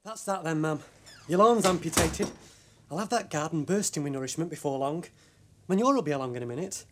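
An actor playing a gentle young man, the son of the angry husband, in a soap opera. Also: on the high side, expressive, brisk, background noise, lightly acted. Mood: concerned.

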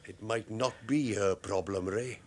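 An actor playing a measured, placating man caught in a row, in a soap opera scene. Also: fairly low pitch, crowd noise. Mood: calm. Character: calm Welsh poet rival, steady and unflustered.

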